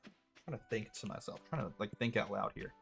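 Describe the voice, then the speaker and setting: A young man casually commentating his own gameplay, thinking out loud with a wry, chatty manner. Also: on the low side, quick pace, gravelly, soft background music. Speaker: gaming streamer. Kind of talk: casual let's-play commentary.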